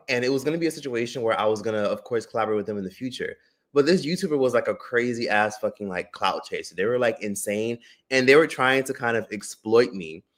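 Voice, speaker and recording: This is a man at a mid-range pitch, chatting on his livestream and telling a story. He talks loosely and animatedly, swearing freely and leaning on "like" as filler. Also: a bit bright. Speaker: streamer and drama commentator.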